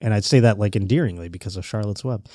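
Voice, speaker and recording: A man's voice: lowish voice, fast, dark tone, no room sound, clean studio sound. A man hosting a podcast in casual chat, profane, joking and rambling. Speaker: podcast host.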